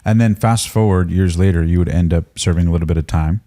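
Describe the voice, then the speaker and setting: A man's voice: sits low, fast, dark tone. A man hosting a podcast, listening closely with short acknowledgments and asking long, structured questions. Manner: attentive, frequent short backchannels, structured questions. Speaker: podcast host. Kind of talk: interview questions.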